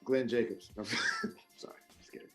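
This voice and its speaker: A man co-hosting a casual wrestling podcast, ranting in an animated, profane way, swinging from loud high outbursts to low mutters. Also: a little fast, soft background music. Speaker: podcast co-host.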